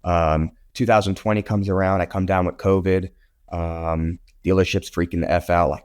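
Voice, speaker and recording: A man in his thirties, a guest on an interview show, telling his story in a blunt, animated way and swearing now and then. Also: low-pitched, brisk, clean tone. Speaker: podcast guest, real estate photographer.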